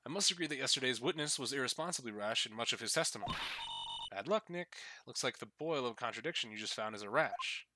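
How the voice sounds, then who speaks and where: A man voicing a brooding, coffee-loving male prosecutor in a game, with a slow, dramatic drawl he tries to make deep. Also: lively intonation, sharp tone. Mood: smug.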